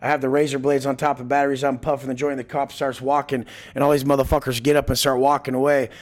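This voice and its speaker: A man's voice: medium pitch, little pitch movement, fast talker. Blunt, foul-mouthed man telling stories. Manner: blunt, heavy swearing, acts out quoted lines. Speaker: guest. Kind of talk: casual storytelling interview.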